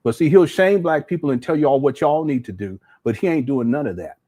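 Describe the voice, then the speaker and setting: A man's voice: fairly high pitch, lively intonation, fairly quick, mellow. A middle-aged man hosting casual reaction commentary, laughing often and mocking what he plays. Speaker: commentary host.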